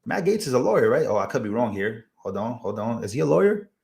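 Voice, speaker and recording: A man's voice: mid-range voice, sing-song, fast talker, vocal fry, darkish tone. A man with a Hispanic accent hosting a casual political livestream, chatting with his viewers, laughing at himself and tripping over long words. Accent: Hispanic-accented English.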